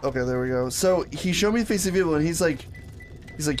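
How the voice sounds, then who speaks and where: A man's voice: fairly high pitch, expressive, fast talker, a little mellow, faint music behind. A young man in casual chat, rambling and swearing about a childhood memory. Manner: rambling, filler-heavy, swearing. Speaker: podcast co-host.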